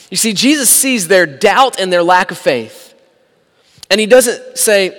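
A man preaching a sermon, animated, acting out the people in the story with sarcastic asides. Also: high-pitched, measured pace. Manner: animated, acts out quoted dialogue, sarcastic asides. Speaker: pastor. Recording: long hall reverb.

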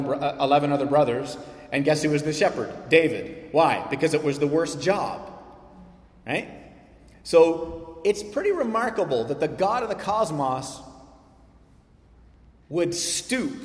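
Pastor preaching in an echoey hall. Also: male voice, a little high. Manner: expressive preaching, slows down for scripture, animated asides. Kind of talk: sermon.

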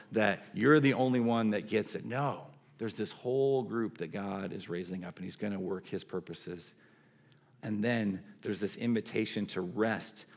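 A middle-aged man preaching a sermon with a low, gravelly voice. He moves from emphatic lines down to hushed, stretched-out phrases. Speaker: pastor.

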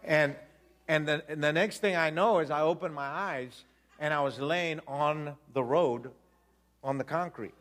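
Guy telling his story, slightly higher voice, acts out bits, laughs a lot. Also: a little slow. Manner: lively, acts out voices, laughs, repeats himself. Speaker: storyteller giving a personal testimony. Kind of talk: animated personal storytelling.

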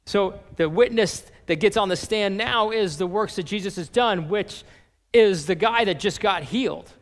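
A man preaching a sermon as a pastor, reading and paraphrasing scripture with animated emphasis. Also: sits high, moderate pace, big-room sound.

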